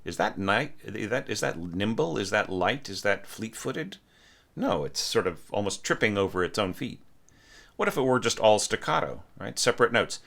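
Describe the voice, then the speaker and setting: Very animated, with a lowish, fairly bright voice and some vocal fry, a man talks through a student's orchestration score at a normal pace. He sings the lines on "da" and keeps checking in with a rhetorical "right?".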